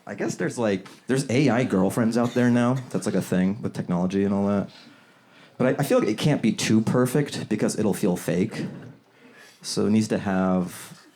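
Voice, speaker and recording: A male stand-up comedian working a club crowd in a loose, conversational way, now and then jumping into high, silly voices. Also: normal speed. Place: comedy club before a live audience. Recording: loud crowd laughter around the voice.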